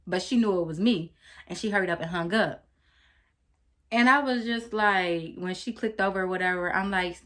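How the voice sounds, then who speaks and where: A woman vlogger telling a personal story to her viewers in an animated, chatty way, acting out what people said. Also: medium pitch, moderate pace. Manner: animated, talks straight to viewers, acts out quotes. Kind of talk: storytime vlog.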